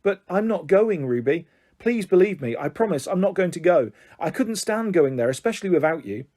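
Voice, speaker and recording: A man's voice: sits high, very animated, moderate pace, warm tone. A man voicing a shy, tender-hearted young girl pleading with her twin sister. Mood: tearful. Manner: pleading, tearful.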